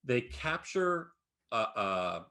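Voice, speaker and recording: A man co-hosting a podcast, chatting casually and recapping a series. His voice swings up and down as he tells the story, and he swears all the time in a loose, animated way. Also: medium pitch, drawn-out words. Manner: profane, animated recapping with frequent laughs. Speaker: podcast co-host. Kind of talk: casual chat.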